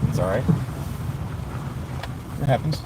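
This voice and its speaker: A man hosting a livestream, chatting and joking casually while driving in a car. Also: slow pace. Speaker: livestream host, storm chaser. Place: inside a moving car. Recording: loud road noise.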